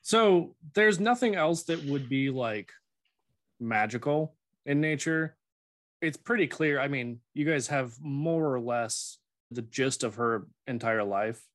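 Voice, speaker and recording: A man running a tabletop game as game master, casual and quick to laugh. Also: mid-range voice, lively intonation, fairly bright tone, no room sound, clean studio sound.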